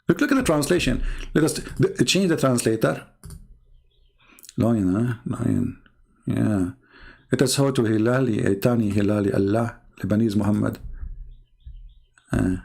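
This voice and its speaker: Male debate host, middle-aged, gravelly voice, sarcastic and mocking delivery. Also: medium pitch, a little mellow. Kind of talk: mocking commentary on videos.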